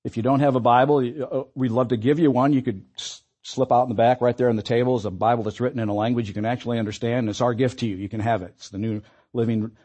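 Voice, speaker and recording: A man's voice: mid-range voice, fairly even intonation, quick pace, darkish tone. A man preaching a sermon as pastor, in an earnest, conversational way with occasional fillers and restarts.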